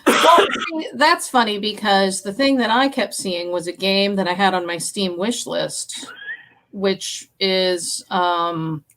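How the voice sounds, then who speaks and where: A woman's voice: medium pitch, slow, fairly bright tone. A woman co-hosting a casual book podcast, telling a story in a chatty, enthusiastic way. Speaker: podcast co-host. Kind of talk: casual chat.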